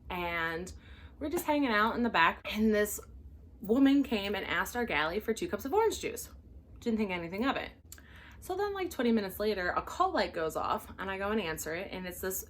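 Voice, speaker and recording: A woman who hosts her own vlog as a flight attendant, telling a story casually with an animated, exasperated manner and some swearing. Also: medium pitch, slight background noise.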